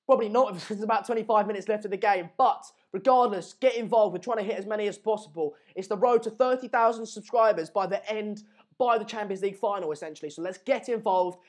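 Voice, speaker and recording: A young man with a noticeably high voice hosts a live football stream. He breaks off his play-by-play to read viewer comments aloud, keeping the banter loose and chatty. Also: quick pace. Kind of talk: live match watchalong commentary.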